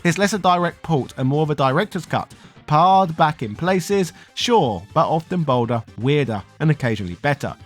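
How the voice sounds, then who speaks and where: A man with a slightly raised voice narrates a scripted video game documentary. His delivery is playful and punchy, full of wry asides, with soft music running quietly underneath. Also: a little high, animated, normal speed.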